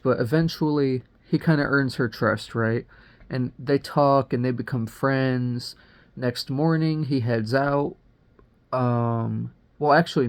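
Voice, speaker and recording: Young male reviewer, mid-pitched voice, rambling and profane slangy recap. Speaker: movie reviewer. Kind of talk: casual spoiler recap.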